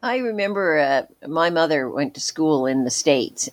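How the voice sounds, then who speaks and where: A Canadian woman co-hosting a podcast in lively casual chat, sometimes imitating how people pronounce words. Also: low voice, unhurried, poor audio. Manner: lively, conversational, mimics pronunciations. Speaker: podcast co-host.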